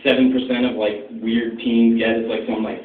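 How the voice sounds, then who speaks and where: A man's voice: medium pitch, little pitch movement, moderate pace, a little hiss or hum. A young man from Northern Virginia telling stand-up stories to a live audience, rambling with lots of fillers and laughing at his own jokes. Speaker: stand-up comedian. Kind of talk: stand-up storytelling. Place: small venue with live audience. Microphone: phone recording from the audience. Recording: echoey, distant, muffled phone recording with crowd.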